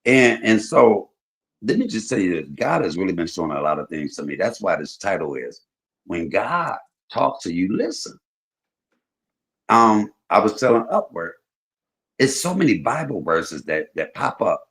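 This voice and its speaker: A man hosting a livestream, telling stories in casual chat, swinging between loud and soft. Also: sits low, very animated, moderate pace, gravelly. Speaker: livestream host.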